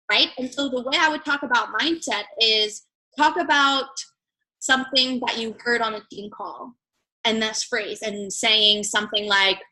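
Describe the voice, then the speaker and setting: A young woman coaching her team over a call in a casual, unscripted way. Her voice is bright and slightly high, and she talks bluntly, swears without hesitation, and keeps checking in with "right?" between her points. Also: poor audio. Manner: chatty, blunt, swears freely, lots of "like" and "right?". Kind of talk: casual training talk.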